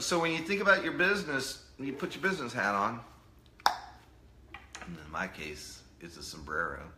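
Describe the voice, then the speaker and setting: A man's voice: mid-range voice, sharp tone. Jokey man lecturing in an echoey room. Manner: jokey, peppers points with "right?". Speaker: presenter of a live online talk. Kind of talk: casual live-stream lecture.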